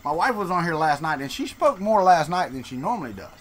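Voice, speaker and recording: Fast and very animated, his voice sitting on the high side, a Southern-accented streamer from Florida in the Deep South jokes with viewers. The talk is casual live-stream chat, with him reading comments and answering them.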